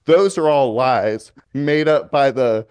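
A man's voice: medium pitch, slow pace, a little mellow, smooth. A young man, co-host of a casual podcast, telling a rambling story full of swearing and mimicry. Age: young adult. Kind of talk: casual chat.

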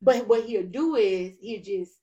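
A woman co-hosting a casual faith podcast, expressive and quick to affirm. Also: medium pitch, muffled recording. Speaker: podcast co-host.

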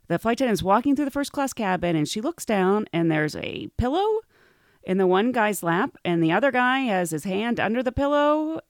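A woman's voice: on the high side, no echo, clean studio sound. A woman hosting a podcast, telling a story casually, laughing often and acting out the people in it. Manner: giggly, animated, acts out quoted voices. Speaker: podcast host.

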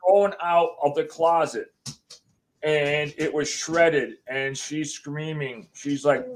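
A man from the USA, a guest on an interview show, telling his story in a rambling, animated way and acting out what people said. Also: on the high side, takes it slowly, slight background noise. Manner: rambling, acts out quotes, swears.

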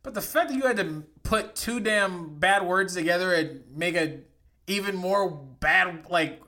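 A man co-hosting a podcast, joking crudely and laughing loudly in casual banter. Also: high-pitched, measured pace. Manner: laughing, loud, animated joking. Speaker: podcast co-host.

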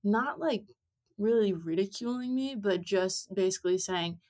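A woman's voice: mid-range voice, unhurried, darkish tone. A woman in her twenties, a guest on a podcast, telling stories in casual chat with plenty of fillers. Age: 20s. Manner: chatty storytelling with many fillers. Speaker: podcast guest, amateur rider.

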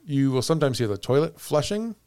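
A man's voice: a little high, animated, brisk, a little mellow, clear, resonant tone, dry recording. Guy on a podcast telling a ghost story, keeps laughing, dry close mic. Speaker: podcast host. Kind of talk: casual storytelling chat.

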